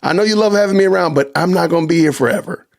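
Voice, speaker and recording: A middle-aged man, hosting a casual livestream podcast and talking straight to his live chat in an animated, joking way. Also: high voice, rapid-fire, vocal fry. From Georgia, US. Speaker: podcast host.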